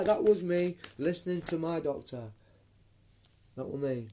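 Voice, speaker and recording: A man's voice: a little high, unhurried, mellow, a little hiss or hum. A man, ranting emphatically into his phone camera on a live stream, swearing and calling listeners mate. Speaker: vlogger.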